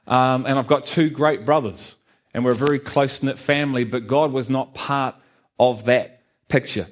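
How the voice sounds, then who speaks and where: A middle-aged man with a softened Liverpool accent, giving his personal testimony to a church congregation in an earnest, conversational way, with many fillers and a light joke now and then. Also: medium pitch, moderate pace. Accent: Liverpool (Scouse), softened by New Zealand. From Liverpool, England. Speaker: guest speaker giving testimony. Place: church hall with a live congregation.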